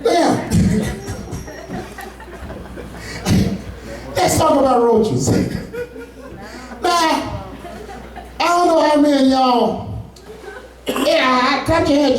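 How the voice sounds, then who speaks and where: A man's voice: extremely high pitch, big pitch swings, extremely slow, long pauses, a crowd in the background. A man doing a stand-up comedy set, telling loose, profane stories with asides to the audience. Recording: echoey room, far from mic.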